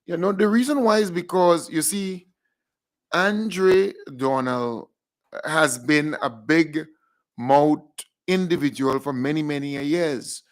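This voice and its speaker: A man co-hosting a live online talk show, chatting easily with pauses and asides. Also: on the high side. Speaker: co-host. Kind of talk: casual live chat.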